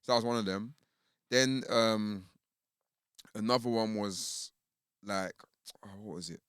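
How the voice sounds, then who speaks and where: A young man chats on a podcast, telling a story with plenty of "like" and "um" and breaking into laughter. His voice sits a little low, and the sound is close and dry. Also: unhurried, clean tone, dry recording. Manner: animated storytelling with frequent fillers and laughs. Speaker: podcast co-host. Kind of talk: casual chat.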